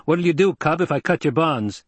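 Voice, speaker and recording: A man voicing a rough, menacing male desert guard who talks in a coarse, sneering way. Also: fairly high pitch, expressive, normal speed, dry recording, pitched above the performer's own voice.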